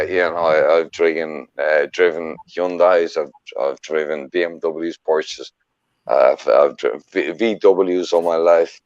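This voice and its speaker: A man's voice: deep voice, dry recording, highs cut off. A man with an Australian accent chatting casually as a co-host, rambling and joking, saying mate a lot. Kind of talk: casual chat.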